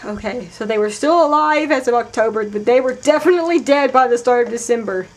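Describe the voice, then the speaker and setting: A woman's voice: fairly high pitch, fairly quick. Chatty woman streaming a horror game. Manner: chatty, thinks aloud, swears, swings from loud outbursts to mutters. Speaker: let's play streamer. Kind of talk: casual gameplay commentary.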